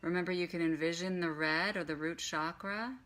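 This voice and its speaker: A woman with a bright, forceful tone and a slightly low voice teaches a meditation lesson over a live stream on her phone. She talks in a loose, chatty way and guides slow breathing and chanting. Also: fairly even intonation.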